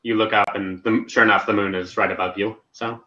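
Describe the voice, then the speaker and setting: A man's voice: lowish voice, steady tone, a little fast, pushed and bright. A man acting as game master, narrating a tabletop game in a casual, descriptive way with frequent restarts. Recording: echoey dull lo-fi voice chat.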